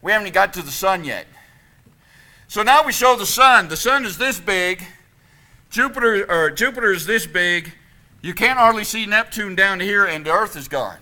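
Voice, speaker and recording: A man preaching a sermon as pastor in a church, animated and emphatic, swinging from loud peaks to quiet passages. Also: high voice, normal speed. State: out of breath. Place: church sanctuary.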